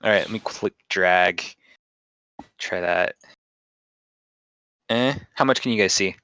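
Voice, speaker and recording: A man's voice: deep voice, slow, sharp tone, clean tone, no room sound. A man narrating as game master on a live stream, rambling and self-deprecating with many fillers.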